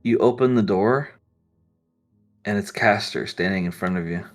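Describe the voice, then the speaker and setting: A man narrating as game master in a relaxed, casual way. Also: on the low side, normal speed, soft background music.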